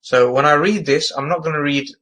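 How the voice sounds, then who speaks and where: A man's voice: a little high, fairly quick, a bit bright, rough recording. A man with a London accent explaining a topic in a patient, methodical lesson. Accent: London English. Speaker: English tutor.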